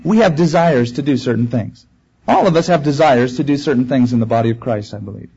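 A man preaching in a relaxed, conversational way, earnest and plain, his voice husky and a little higher than most men's. The recording is dull and lo-fi, like an old tape made in a church room. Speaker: pastor. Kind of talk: sermon. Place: church room before a congregation.

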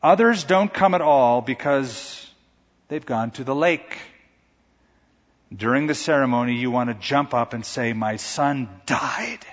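A man's voice: medium pitch, unhurried. A male pastor preaching a sermon, telling a story in a vivid, dramatic way. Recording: echoey hall, dull lo-fi sound.

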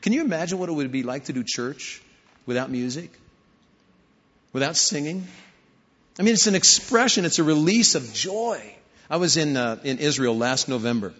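Husky preacher in an echoing hall. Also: male voice, on the high side, lively intonation, normal speed, fairly bright tone. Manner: storytelling, rising to emphatic questions. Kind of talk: sermon. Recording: hall reverb, dull lo-fi sound.

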